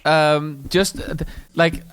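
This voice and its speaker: A man's voice: on the high side, fairly even intonation, slow, a bit bright, smooth. A man talking as a podcast guest, laid-back, swearing and laughing easily. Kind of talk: casual podcast chat.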